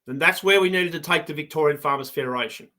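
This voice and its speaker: A man's voice: a little high, fast, bright, forceful tone. A middle-aged man with an Australian accent, a farm advocate giving fired-up, combative commentary on a live broadcast.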